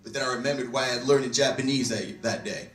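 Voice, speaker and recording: A man performing a stand-up set, telling stories deadpan and breaking into loud shouted impressions. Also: mid-range voice, fast talker. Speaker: stand-up comedian. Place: comedy club stage. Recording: roomy club sound from far mic. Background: laughing audience.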